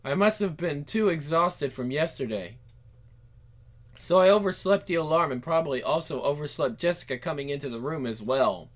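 A player voices a game's protagonist, muttering panicked thoughts to himself and cursing a lot throughout the voice-over playthrough. His voice is a little high and his pace moderate.

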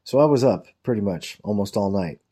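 Brisk and expressive, a man with a fairly low, mellow, husky voice spins a profane, rambling anecdote about work. He tells it casually and quotes his coworkers in mocking voices.

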